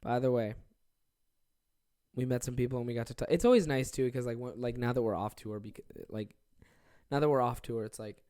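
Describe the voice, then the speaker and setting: A man's voice: mid-range voice, brisk, dark tone, clear, resonant tone. A young man hosting his own podcast alone from his office, rambling casually with lots of swearing and self-deprecating asides. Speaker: podcast host. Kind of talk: casual solo podcast chat.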